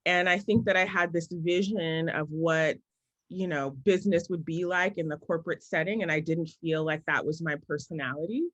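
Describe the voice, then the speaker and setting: A woman in her forties, a business coach, answering interview questions in a thoughtful, story-telling way that often slows down to make a point. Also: deep voice, fairly bright tone, no echo, poor audio.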